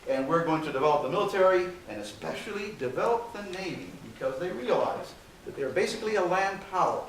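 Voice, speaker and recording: In a lecture hall, a man delivers a university history lecture conversationally, leaning on "okay" as a filler and slipping in dry, sarcastic asides. His voice sits high and he speaks fast and animatedly. The recording picks him up from far away in a very echoey room with a faint hiss.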